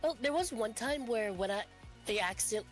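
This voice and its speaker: A woman guest on a game stream, rambling through goofy stories and quick asides. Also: a little high, lively intonation, faint music behind. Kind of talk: casual chat while gaming.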